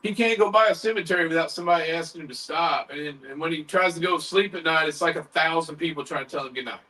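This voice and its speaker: A man hosting a paranormal chat show tells a story in a loose, animated way, acting out what others said. His voice is high and bright. He sounds a little distant from the microphone. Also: fast talker. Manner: animated, retells others' words in quotes, swears casually. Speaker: paranormal podcast host.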